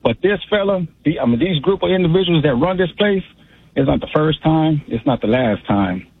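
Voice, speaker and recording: Caller, ex-club DJ, husky voice, phone-line sound, rambling. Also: male voice, a little high, lively intonation, normal speed, no echo. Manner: rambling, streetwise storytelling. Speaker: radio caller, former club DJ. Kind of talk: casual call-in chat. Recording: tinny phone line, dry.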